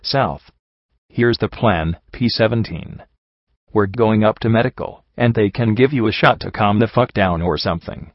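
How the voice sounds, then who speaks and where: Storybook role: a man playing a jaded mare guard, bored and foul-mouthed, low-pitched, dry recording. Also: moderate pace, dry recording, lo-fi sound, lightly acted. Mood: blunt. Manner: bored, blunt, profane. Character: jaded female pony security guard, blunt.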